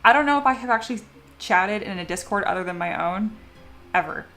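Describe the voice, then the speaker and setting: A woman's voice: mid-range voice, lively intonation, brisk, a bit bright, soft background music. A young woman chatting casually on her sculpting livestream, reading viewer comments aloud and laughing often. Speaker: 3D sculpting streamer.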